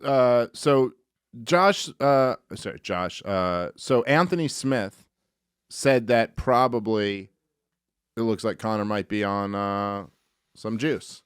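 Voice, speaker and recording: A man's voice: fairly low pitch, slow, smooth, dry recording. A man co-hosting a podcast in casual chat, with a dry, sarcastic, teasing manner. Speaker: podcast co-host.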